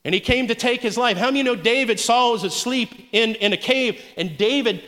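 A young male pastor preaches with a high-pitched voice, driving his sermon forward with constant calls of "come on". His voice carries through a large hall with a long, lingering reverb. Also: a little fast, pushed and bright. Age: young adult.

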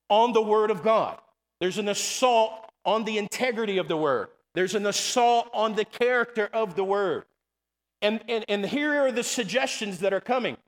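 A man preaching a sermon in a church, calling to the congregation with repeated "come on" and "amen". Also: sits high. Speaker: pastor. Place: church sanctuary. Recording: long hall reverb.

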